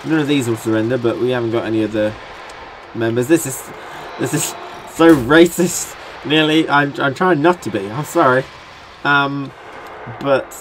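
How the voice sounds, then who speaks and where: A young British man chats his way through a building game, thinking aloud and joking as he goes. His voice sits at an ordinary middle pitch, with a faint hiss behind it. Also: fairly bright tone. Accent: British English. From Britain. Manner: rambling, jokey, thinks aloud while building. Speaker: gaming channel host. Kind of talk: casual let's-play commentary.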